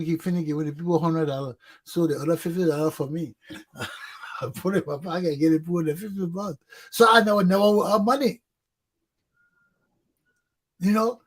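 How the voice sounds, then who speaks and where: Husky-voiced man telling stories. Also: high-pitched. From Liberia. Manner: animated, acts out shouted quotes. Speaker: talk show host. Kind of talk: casual storytelling.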